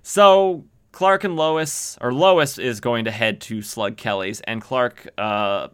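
Bright-voiced man recapping comics. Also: medium pitch, slow, clean tone. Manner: sarcastic, jokey retelling with silly character voices. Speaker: comic book podcast host.

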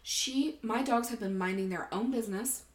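A woman's voice: a little high, normal speed. A woman, co-hosting a podcast and telling a story in a casual chat, swearing freely and acting out every line of dialogue. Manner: animated, swears freely, acts out quoted dialogue. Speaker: podcast co-host. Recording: roomy echo.

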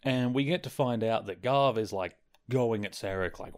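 Male podcast host, lowish voice, loose conversational recap delivery, plenty of filler words. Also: moderate pace. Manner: rambling, filler-heavy, amused. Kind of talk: casual solo episode recap.

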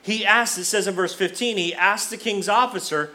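A man preaching a sermon as pastor, retelling a story with lively acted-out dialogue. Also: high-pitched, normal speed. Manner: animated storyteller, acts out quoted characters.

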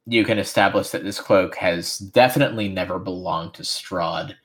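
A man narrating as game master of a tabletop game, relaxed and rambling with lots of fillers. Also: deep voice, moderate pace.

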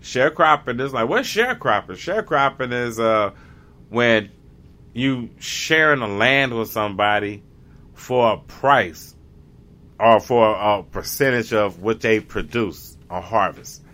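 A man's voice: on the low side, slow, pushed and bright. A man in a casual, rambling monologue, often restarting and groping for the right word. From United States. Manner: rambling, gropes for words with many restarts. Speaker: vlogger.

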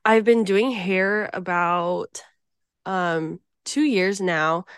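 A woman in her twenties from Hawaii, a podcast guest who is ill and a bit wheezy, talking nervously with many pauses. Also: lowish voice, smooth, dry recording, studio quality. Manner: nervous and hesitant, many ums. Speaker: guest, traveling hairstylist. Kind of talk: casual podcast chat.

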